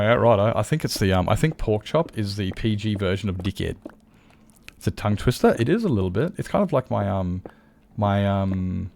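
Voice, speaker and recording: This man's voice sits on the low side, gravelly and a little mellow, with slight background noise. He chats casually with viewers as he streams a game, rambling, swearing freely and fixing his sentences midway.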